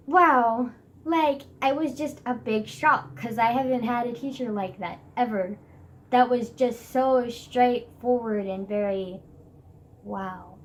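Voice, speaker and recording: A woman's voice: on the high side, rough recording. Rambling, dramatic teenage girl. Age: teens. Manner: rambling and dramatic, lots of fillers. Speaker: vlogger. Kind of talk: casual vlog chat about school. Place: bedroom, sitting on a bed.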